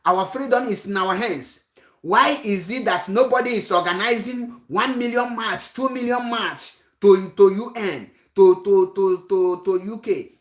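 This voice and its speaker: A woman's voice: mid-range voice, echoey room. A woman giving a rousing political speech, full of rhetorical questions and repetition. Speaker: activist speaker.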